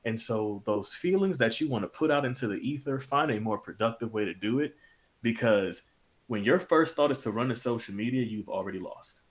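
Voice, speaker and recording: A man's voice: mid-range voice, a little fast. Emphatic male podcast co-host. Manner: emphatic, repeats points for stress. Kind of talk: casual chat.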